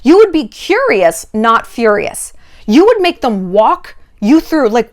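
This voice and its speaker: A woman vlogger breaks down dating red flags in casual commentary. Her voice sits a little high and swings widely in pitch. She is sarcastic and profane, and often slips into mock voices for the people she quotes. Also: unhurried. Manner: animated, sarcastic, swears freely.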